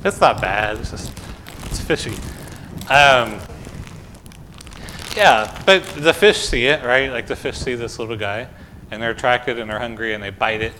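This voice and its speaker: A man's voice: medium pitch, unhurried, pauses often, sharp tone, slight background noise. A man pastor reading the gospel, then giving a conversational children's sermon full of questions in a church. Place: church sanctuary.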